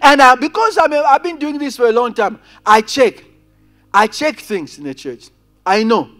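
A man preaching a sermon as pastor, calling out to his congregation and swinging between loud emphasis and quiet asides. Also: very high voice, animated, normal speed, soft background music. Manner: preaching with rising and falling intensity, addressing congregation directly. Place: church.

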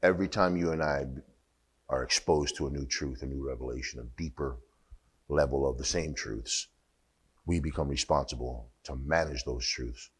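Deep-voiced man preaching conversationally. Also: moderate pace, slightly rough. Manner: conversational preaching, rising to emphatic bursts, asides and laughs. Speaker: pastor. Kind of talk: sermon.

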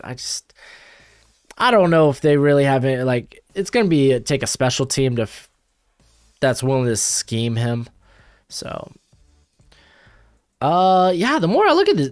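A man's voice: medium pitch, dry recording, studio quality. A young man hosting a mock draft video, chatting casually as he thinks aloud, rambling and correcting himself. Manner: rambling, self-correcting, animated. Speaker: YouTube mock draft host. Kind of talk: casual live commentary.

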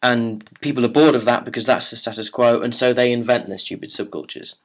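A man's voice: mid-range voice, steady tone, fairly quick. A young man telling a story and answering viewer questions in a casual, rambling, sarcastic way, often swearing and restarting. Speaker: vlogger.

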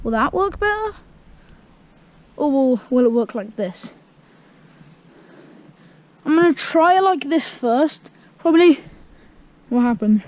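In an outdoor garden, a woman vlogs casually, poking fun at herself and humming silly tunes. Her high-pitched voice is animated and darkish in tone, slow-paced with frequent pauses.

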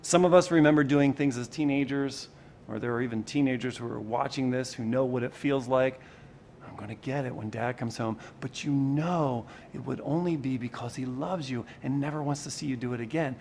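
A man preaching a sermon in a conversational, animated way, with sudden shifts in loudness for emphasis. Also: mid-range voice, fairly quick, vocal fry, a little hiss or hum. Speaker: pastor.

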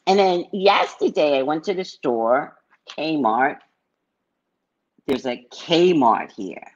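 A middle-aged woman from California, telling stories in an animated, chatty live-stream chat. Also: deep voice, slow pace. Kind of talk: casual storytelling chat. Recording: dull lo-fi recording.

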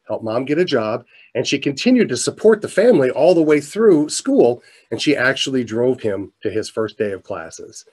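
A middle-aged man telling a story in a keynote talk, animated, his voice climbing as he gets excited. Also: mid-range voice, husky. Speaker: motivational speaker. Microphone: presentation mic, virtual showcase.

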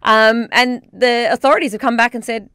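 A woman's voice: a little high, steady tone, moderate pace, a bit bright, clean tone, dry recording. A woman, co-hosting breakfast radio with teasing, dry banter. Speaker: radio co-host. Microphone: studio mic.

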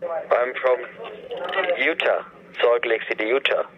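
A man with an Indian accent talks as a phone support agent, patiently repeating his instructions. He comes through a thin, phone-like line, with a busy call-center crowd chattering clearly behind him. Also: medium pitch, unhurried.

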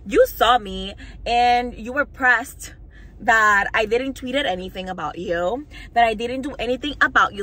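A woman's voice: fairly high pitch, bright, forceful tone, poor audio. A young woman vlogger telling a storytime rant to camera, heated, mocking and full of swearing.

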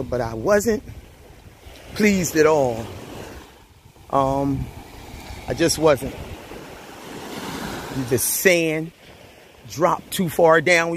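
Guy vlogging by the beach, kinda high voice, laid back storytelling. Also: a little hiss or hum. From Grenada. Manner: relaxed, storytelling, uses y'all and repeats phrases. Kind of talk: casual vlog chat. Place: outdoors at a beach.

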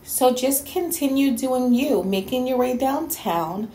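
A woman from New York City tears into someone in a sassy, cutting rant for her vlog. Her voice sits a little high and rings around an echoey room. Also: expressive, unhurried, warm tone, slight background noise. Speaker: YouTube commentator. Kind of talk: response video rant.

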